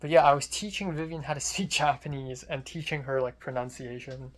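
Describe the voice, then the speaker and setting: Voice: mid-range voice, steady tone, fairly quick. A young adult student filmmaker telling a casual vlog story in a rambling way, full of fillers and restarts.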